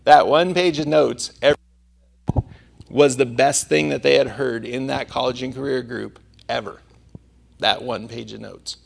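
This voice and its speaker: A man's voice: mid-range voice, fairly even intonation, a little slow, vocal fry. A male preacher delivering a sermon, telling a personal story in a conversational manner.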